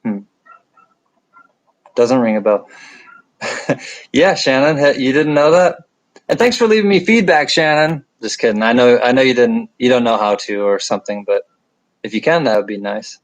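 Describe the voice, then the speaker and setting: On a rough recording, a man with a medium-pitched voice speaks at a normal speed. He's middle-aged with a nasal upstate New York accent, hosting a casual nighttime livestream from home and reading chat with rambling jokes and jabs at himself.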